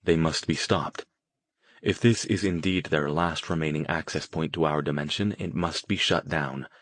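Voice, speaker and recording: A man voicing a cold, dispassionate male mage who speaks flatly and without emotion. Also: a bass voice, moderate pace, no echo. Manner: flat, clipped, emotionless.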